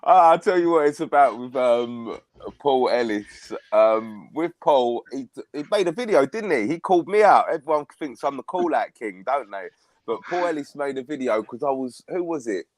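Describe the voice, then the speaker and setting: A man's voice: medium pitch, lively intonation, normal speed, no echo. Chatty man telling a story. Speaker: live stream guest. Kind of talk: casual chat.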